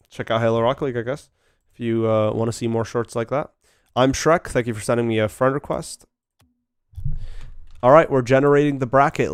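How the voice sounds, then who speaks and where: A man chatting quickly and casually on a live stream, joking about himself while greeting viewers. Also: medium pitch, clear, resonant tone, no room sound, clean studio sound. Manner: fast-talking, chatty, self-deprecating. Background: faint background beats.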